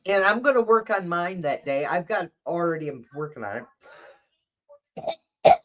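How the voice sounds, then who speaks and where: A woman's voice: lowish voice, animated, normal speed, dull audio. A woman hosting a tarot channel, chatting casually with blunt, profane, rambling talk and coughing now and then. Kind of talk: casual livestream chat.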